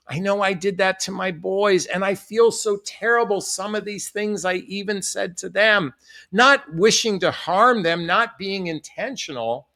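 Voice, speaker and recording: A man's voice: high voice, fairly bright tone. A middle-aged man, a dating coach, talking earnestly and reflectively to camera, repeating phrases for emphasis. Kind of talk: direct-to-camera advice talk.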